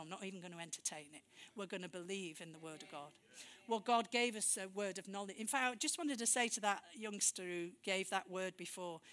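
A woman preaching a testimony sermon, telling stories lively, acting out dialogue and laughing often. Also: mid-range voice.

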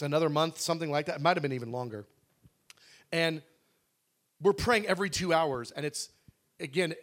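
A middle-aged male pastor with a high, bright voice tells his story in an animated, conversational way. He slips into dialogue often and restarts his sentences along the way. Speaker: pastor telling a testimony.

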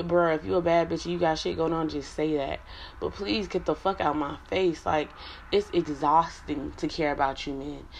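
A woman's voice: deep voice, slight background noise. A woman ranting bluntly and profanely at her viewers, confrontational and fed up. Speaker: app streamer.

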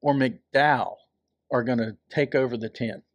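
A man's voice: mid-range voice, fairly even intonation, moderate pace, no room sound, muffled recording. A man co-hosting a casual racing podcast, joking and teasing his partner, wired on energy drink. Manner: jokey, teasing, laughs often. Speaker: podcast co-host.

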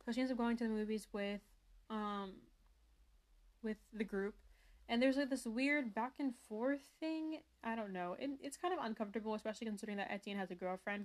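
This is a young woman with a slightly high voice, chatting casually as a podcast host. She rambles through her thoughts, doubling back with asides and plenty of "like." Her delivery is relaxed and conversational, the way she would talk about a favorite book. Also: fairly quick. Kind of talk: casual book review chat.

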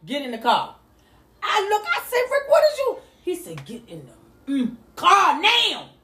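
A woman telling an emotional family story in a lively, animated way, acting out the other people's lines. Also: very high-pitched, a little slow, roomy sound. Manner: lively, animated retelling with voiced quotes. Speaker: mother telling her story.

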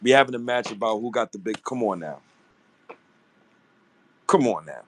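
A man's voice: fairly low pitch, moderate pace, noisy background. A man hosting an online audio space, talking heatedly and profanely in casual chat. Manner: animated, profane, teasing. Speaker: host of a fan audio space.

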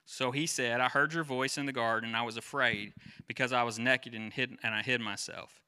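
A pastor in his forties giving a conversational sermon, chatty and quick to quiz the congregation and wander off on side stories. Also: mid-range voice, fairly even intonation, bright, forceful tone, clear, resonant tone. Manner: chatty, asks the crowd questions, goes off on tangents.

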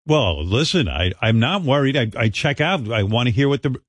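A man's voice: mid-range voice, lively intonation, moderate pace, no room sound. Blunt teasing male radio host. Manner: blunt, teasing, laughing often. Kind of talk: casual radio banter.

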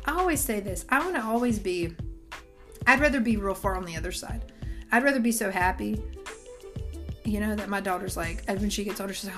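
Woman, thirties, fairly high voice, emphatic, preachy, motivational talk, faint music behind. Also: lively intonation, a little fast, fairly bright tone. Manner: emphatic, preachy, addresses listeners directly. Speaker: motivational Christian speaker. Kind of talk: casual motivational talk to camera.

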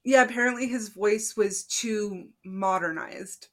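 A woman co-hosting a casual movie review podcast, chatty and quick to laugh, with plenty of fillers. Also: medium pitch. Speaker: podcast co-host.

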